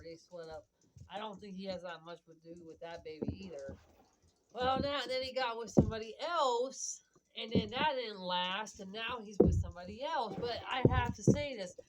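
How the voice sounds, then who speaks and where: A woman telling a long personal story in a casual, rambling way, full of "like" and "whatever" and quoted back-and-forth. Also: fairly high pitch. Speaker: vlogger. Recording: loud background clicking noise.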